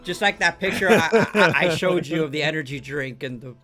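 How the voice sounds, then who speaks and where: A man's voice: on the high side, animated, a little fast, music in the background. A man hosting a casual chat, teasing the others and swearing freely. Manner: teasing, swears, calls people bro. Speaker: podcast host.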